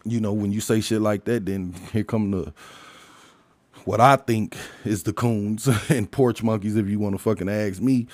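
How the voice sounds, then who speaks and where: A man's voice: lowish voice, fairly even intonation, normal speed, a little mellow, dry recording. Blunt, swearing man ranting, dry sound. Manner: blunt and emphatic, heavy swearing; rhetorical questions to listeners. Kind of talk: casual profane rant.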